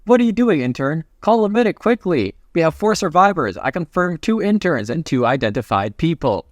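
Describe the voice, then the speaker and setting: A man's voice: fairly high pitch, very animated, brisk, dry recording, studio quality. A man voicing a frantic male boss barking orders to an intern in a comic recap. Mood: urgent. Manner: urgent shouting commands.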